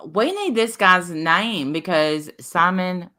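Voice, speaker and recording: A woman, co-hosting a livestream and chatting casually in a jokey, animated way. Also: on the low side, takes it slowly. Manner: animated, jokey, loud at times. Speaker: livestream co-host. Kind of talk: casual gossip chat.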